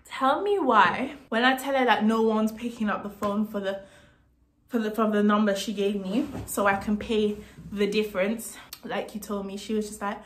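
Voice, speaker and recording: A young woman vlogger telling a story to camera in a casual, indignant, animated way, swearing freely as she goes. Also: mid-range voice, normal speed. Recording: roomy echo.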